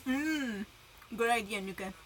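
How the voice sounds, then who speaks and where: A woman's voice: a little high, measured pace, fairly bright tone, slight background noise, low-quality recording. Giggly young woman chatting on stream. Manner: giggly, chatty, greets viewers by name; self-conscious, eating while talking. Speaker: livestreamer. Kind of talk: casual livestream chat.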